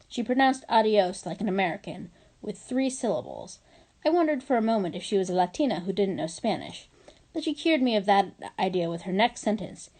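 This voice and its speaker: A woman reading a children's novel aloud, with lively, expressive storytelling. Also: mid-range voice, a little fast. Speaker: reader.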